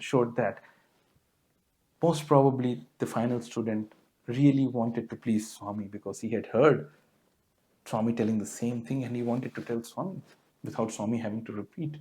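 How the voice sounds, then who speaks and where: A man speaks at a mid pitch, giving a spiritual talk. He tells stories earnestly and slips in small fillers as he goes. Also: darkish tone. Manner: earnest storytelling with frequent fillers. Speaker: guest speaker.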